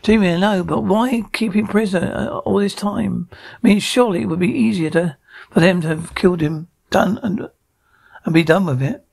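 A man reading a blunt young male companion in an amateur audio drama, asking halting questions. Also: sits high, gravelly, a little mellow, slightly rough, full character voice. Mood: puzzled.

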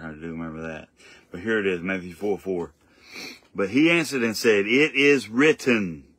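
A young man preaching an informal home sermon, earnest and repetitive, often stumbling and restarting, rising louder when he reads scripture. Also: low voice, no room sound. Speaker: lay preacher.

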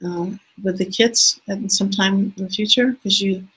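A woman hosting an online teaching hangout over a video call, speaking in a hesitant, halting way and slowing down to spell out details. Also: mid-range voice, steady tone, fairly bright tone, slightly rough, poor audio. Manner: hesitant, halting speech that slows down to spell things out. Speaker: host of an online teaching session.

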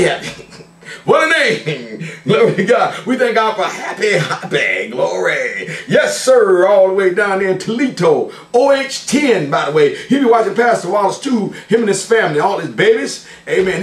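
An older man, a pastor, greeting his family and viewers in a playful, folksy way, peppering his talk with "glory to God" and "amen". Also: high-pitched. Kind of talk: church service shout-outs. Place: church sanctuary. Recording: echoey church sound from a distance.

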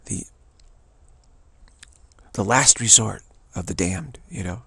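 A man giving a rambling spiritual talk, digressive and halting, restarting his sentences often. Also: on the low side, sharp tone, husky, no room sound. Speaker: spiritual teacher. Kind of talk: rambling spoken monologue.

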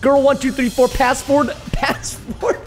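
A man's voice: very high-pitched, little pitch movement, slow, music in the background. A man doing a smug talking rabbit. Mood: teasing. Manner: gloating, theatrical. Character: smug talking male rabbit, sly captor.

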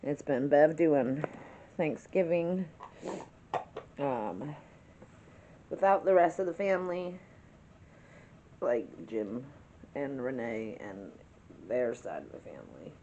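A woman vlogger telling a story in a casual chat-with-me video, chatty and animated, laughing through it and swearing now and then. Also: extremely low pitch, slow, long pauses, highs cut off, slight background noise.

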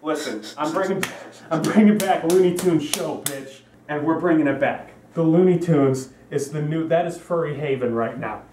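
A man's voice: on the high side, moderate pace, a little mellow, roomy sound, far from the mic, a little hiss or hum. A young man delivering a profane, rambling comedy rant, repeating himself to hammer points. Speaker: comedy vlogger.

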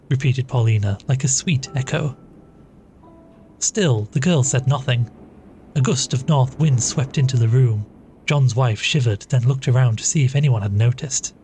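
A man reading a classic short story aloud as a podcast narrator, measured and even. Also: mid-range voice, slight background noise. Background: faint music.

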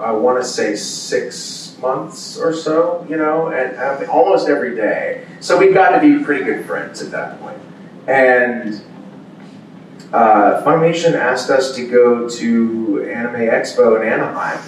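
A man who is a voice actor, answering fan questions at a convention panel and telling animated stories that act out what people said. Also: medium pitch, a little hiss or hum. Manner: animated storyteller, acts out quoted exclamations. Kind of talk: casual storytelling Q&A. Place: large convention hall. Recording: echoey hall audio from far off.

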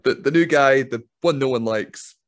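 A young adult man from Scotland, a wrestler chatting calmly and easily as a podcast guest, laughing at himself. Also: mid-range voice, moderate pace. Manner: calm, easygoing, laughs at himself. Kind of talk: casual interview chat.

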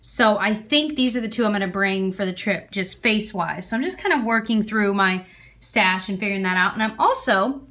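A woman vlogging casually, excitedly showing gifts and chatting while out running errands. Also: mid-range voice, brisk, a little hiss or hum. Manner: excited, gushing. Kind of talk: casual vlog chat. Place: at home and in a car.

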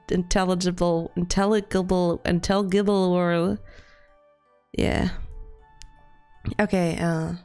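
A young woman livestreaming from her room at home, chatting casually, giggling often, swearing and teasing herself. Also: medium pitch. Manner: giggly, swearing, playful and self-mocking. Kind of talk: casual live-stream chat. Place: home room with the window open.

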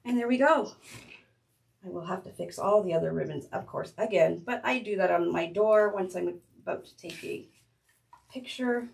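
A woman's voice: on the low side, moderate pace, creaky, darkish tone. A middle-aged woman hosting a casual craft tutorial, chatting and restarting her sentences as she works with her hands. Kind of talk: casual step-by-step craft demonstration.

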